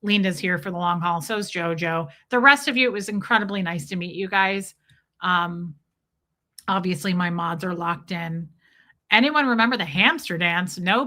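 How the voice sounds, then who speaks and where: Woman streamer, casual rambling joker, bright and sharp-toned. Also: medium pitch, normal speed. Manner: rambling, jokey storytelling. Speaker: livestream host. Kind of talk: casual chat with viewers.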